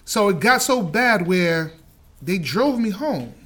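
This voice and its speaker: A man's voice: high voice, slow. A man from Jamaica telling a story in casual chat, acting out the people he quotes. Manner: animated, acts out quotes in different voices. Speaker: guest.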